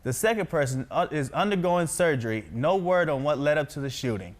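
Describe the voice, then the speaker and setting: A man reads practice news copy aloud in a slightly high voice. He stumbles over hard names and repeats the corrections. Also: expressive, brisk. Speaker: trainee practicing news reading. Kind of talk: practice news reading with coaching.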